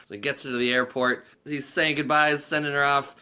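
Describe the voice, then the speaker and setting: A man's voice: mid-range voice, little pitch movement, brisk, pushed and bright, clean tone. A man hosting a casual movie review vlog, recapping scenes in a rambling, profane way and laughing along.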